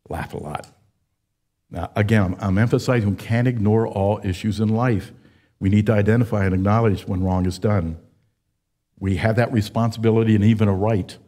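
A man in his seventies preaching a sermon, telling folksy stories with frequent pauses and fillers. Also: lowish voice, dark tone. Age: 70s. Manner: folksy storytelling, with many uh fillers. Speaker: pastor.

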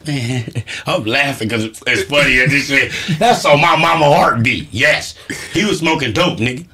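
A man's voice: medium pitch, lively intonation, moderate pace, sharp tone. A man, emphatic and laughing often in a casual podcast chat, swearing freely. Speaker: guest.

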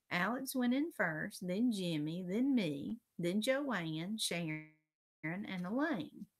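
A woman reading a children's chapter book aloud, expressive and sometimes dropping to a hush. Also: on the low side, vocal fry. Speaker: reader.

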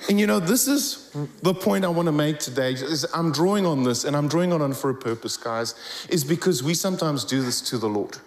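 A man's voice: a little high, brisk. A man preaching in a church, telling stories with rising emphasis. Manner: animated storytelling, rising emphasis. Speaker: guest preacher. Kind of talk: sermon. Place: church hall. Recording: echoey church hall.

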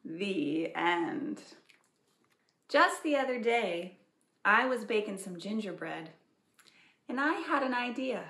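A woman librarian reading aloud at a preschool storytime, animated, gently asking children questions. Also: medium pitch, slow pace, pauses often. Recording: echoey room.

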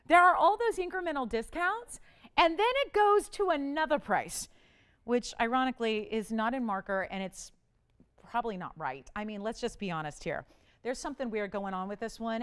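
Smooth-voiced chatty shopping host woman. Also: mid-range voice. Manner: chatty, joking, upbeat selling patter. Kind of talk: live jewelry sales pitch.

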